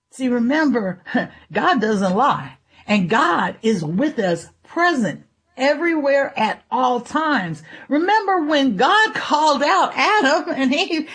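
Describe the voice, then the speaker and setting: High-voiced woman preaching conversationally. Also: slightly rough. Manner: conversational, chuckles often, acts out her own thoughts. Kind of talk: devotional sermon.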